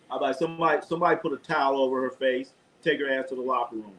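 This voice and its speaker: Animated, profane sports-show host man. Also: medium pitch, racing, few pauses, low-quality recording. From Los Angeles. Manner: animated, profane trash talk. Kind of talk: casual live sports chat.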